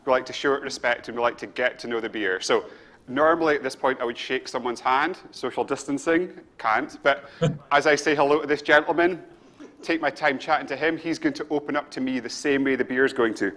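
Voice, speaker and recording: A man's voice: medium pitch, brisk, fairly bright tone. A Scottish man who co-founded a brewery, leading viewers through a beer tasting in an enthusiastic, storytelling way on a live stream. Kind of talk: live-streamed casual presentation.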